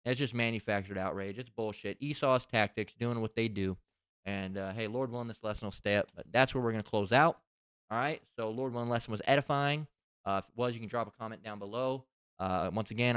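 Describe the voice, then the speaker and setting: A man's voice: on the low side, a bit bright, clean tone, dry recording, clean studio sound. A man giving a casual religious lesson, talking in a rambling, profane, conversational way. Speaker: religious teacher. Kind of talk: casual spoken scripture lesson.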